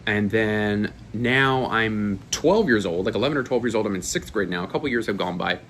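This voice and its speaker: A man's voice: fairly low pitch, moderate pace, a bit bright, a little hiss or hum. A man in his twenties from Florida, telling rambling, profane stories in a casual chat. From Florida, USA. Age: 20s. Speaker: YouTuber. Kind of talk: casual storytelling to camera.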